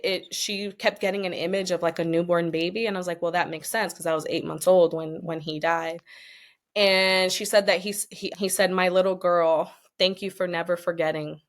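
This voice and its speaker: Young adult woman, podcast guest; chatty, expressive storyteller, slightly low register, emotional edge. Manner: chatty and expressive, many fillers, emotional at times.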